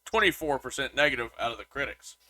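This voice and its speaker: A man's voice: mid-range voice, expressive, quick pace, bright, forceful tone, dry recording. A man co-hosting a podcast, chatting casually about a movie and reading reviews aloud, with lots of restarts. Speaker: podcast co-host.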